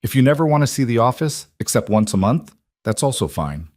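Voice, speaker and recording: Guy reading a cool direct lady ceo, measured and reassuring, dry close sound. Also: mid-range voice, big pitch swings, a little mellow, no echo, natural voice. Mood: steady. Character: composed female executive making a job offer.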